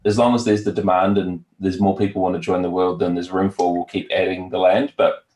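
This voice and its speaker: A deep-voiced man with a New Zealand accent talks in a relaxed, halting way, full of ums and uhs. He sounds like a guest on a remote call, and his voice carries an echoey room sound. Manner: relaxed, hesitant with many fillers. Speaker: guest, virtual world founder. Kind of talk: casual interview chat.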